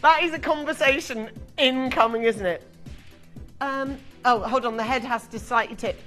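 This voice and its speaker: British lady hosting live tv sales, chatty and giggly about her own mistakes, kinda high voice. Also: normal speed, soft background music. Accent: British English. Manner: chatty, self-mocking, excitable. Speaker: shopping channel presenter. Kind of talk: live TV selling. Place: TV studio.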